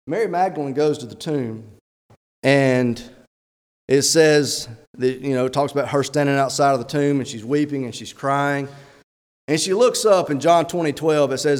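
A fairly high-voiced man preaches a sermon as a church elder, pressing the room with rhetorical questions and reading scripture aloud. His voice carries a long reverb tail from a large hall. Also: a little mellow.

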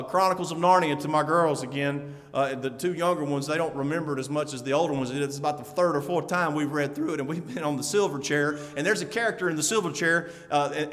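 A man's voice: a little high, a bit bright, long reverb tail. A man from Alabama, preaching a folksy sermon that rises to fervent exhortation. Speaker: pastor.

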